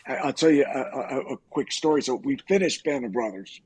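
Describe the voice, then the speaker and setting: A middle-aged man, an actor on a podcast, casually telling profane, animated stories and acting out quoted lines. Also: medium pitch, brisk, slightly rough. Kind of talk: casual storytelling.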